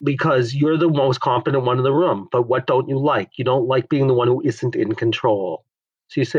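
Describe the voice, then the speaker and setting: Man, husky voice, dry dull lo-fi recording, frank and emphatic teacher. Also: medium pitch, moderate pace, no echo. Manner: emphatic, frank, swears, acts out quotes. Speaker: Enneagram teacher. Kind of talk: conversational teaching.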